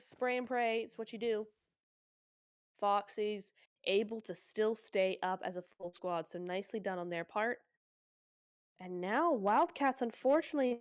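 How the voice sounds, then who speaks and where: A woman casting a mobile shooter tournament live, chatty and quick to exclaim at the action. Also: fairly high pitch, no echo. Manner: excitable, chatty, exclaims often. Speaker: esports caster. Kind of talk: live play-by-play commentary.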